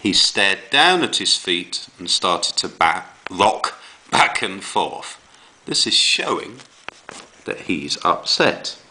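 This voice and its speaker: A man teaching young children a writing lesson, reading examples aloud with slow dramatic emphasis. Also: low-pitched, slight background noise, low-quality recording. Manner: slow, lively delivery with dramatic read-aloud. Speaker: primary school teacher.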